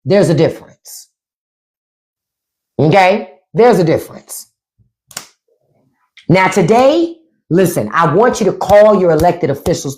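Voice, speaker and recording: Unhurried and given to long pauses, a middle-aged podcast host with a lowish voice tells stories on a live stream. She is casual and profane, acting out quotes with animation.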